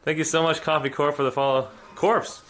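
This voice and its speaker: A young IRL livestreamer, his voice a little high and fairly bright, speaks fairly quickly with little pitch movement. Chatty and addressing his chat, he wanders through a house's kitchen and bathroom, reading out new follows and subs.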